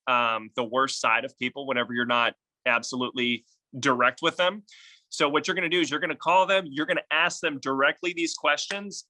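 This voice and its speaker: A man coaching real estate agents on cold calls in a casual, energetic and blunt way, sometimes swearing. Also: mid-range voice. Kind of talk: casual sales training talk.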